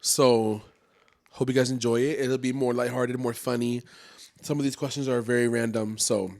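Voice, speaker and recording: A young man at a mid pitch hosts a casual podcast. He talks loosely, circles back on himself, and keeps the mood light. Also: flat delivery, normal speed, a little mellow. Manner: easygoing, rambling, self-correcting. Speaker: podcast co-host. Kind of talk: casual chat.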